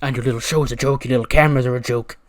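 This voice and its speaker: A man voicing a menacing, threatening male wrestler, loud and taunting in a game story. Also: medium pitch, steady tone, slow.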